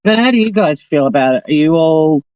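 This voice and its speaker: A woman's voice: low voice, lively intonation, a little fast, highs cut off, a little hiss or hum. A woman with an Australian accent, hosting a casual live stream and chatting in a rambling, exasperated way.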